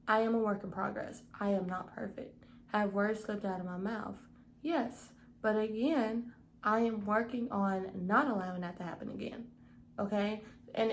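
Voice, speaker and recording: A woman's voice: medium pitch, a little hiss or hum, low-quality recording. A young woman giving a casual devotional Bible study, earnest and often checking in with "okay?". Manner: earnest, repeats "okay?" to the listener.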